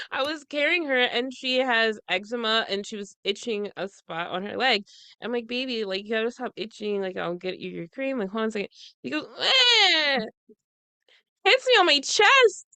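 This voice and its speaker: A young mother chats on a podcast, blunt and often cursing, laughing through her stories. Her voice is bright, forward and a little high. The sound is close and dry, with no room around it. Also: big pitch swings, moderate pace, no echo. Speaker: podcast co-host. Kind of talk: casual chat.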